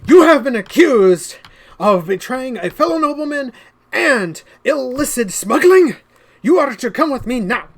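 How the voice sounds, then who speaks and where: A stern guard , played by a game master, barks accusations in a raised, loud and lively voice. He is commanding and allows no argument, in a tabletop game. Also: high voice, measured pace, voice pushed up, heavily acted. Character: stern town guard making an arrest.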